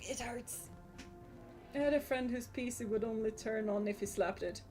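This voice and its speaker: A woman chats casually on a game stream, her voice sitting a touch high. She giggles easily between answers to her chat. Soft music plays faintly underneath. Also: a little fast.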